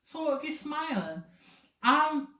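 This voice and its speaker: A woman's voice: high-pitched, big pitch swings, slow pace, pushed and bright. A young woman talking casually to camera, rambling with lots of fillers. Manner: rambling, filler-heavy, chatty. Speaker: vlogger. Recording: roomy echoey room.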